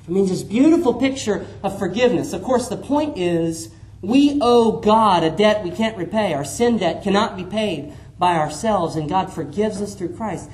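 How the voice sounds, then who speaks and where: A man preaching a sermon, animated, acting out the Bible figures in different voices. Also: high voice, normal speed, slight background noise. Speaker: pastor. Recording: echoey room with faint ambience.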